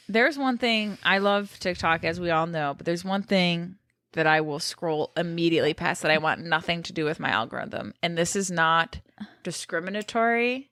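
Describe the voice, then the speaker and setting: A woman with a bright, crisp voice chatting casually as a podcast co-host. She talks in a relaxed, earnest way at home, close to the mic with a dry sound. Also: fairly low pitch, normal speed, no room sound. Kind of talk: casual chat. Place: living room at home.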